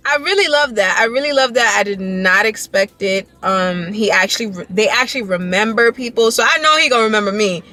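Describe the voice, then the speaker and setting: A young woman vlogging casually, telling an excited, rambling story full of "like" and "y'all". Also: mid-range voice, brisk, few pauses. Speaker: dance vlogger.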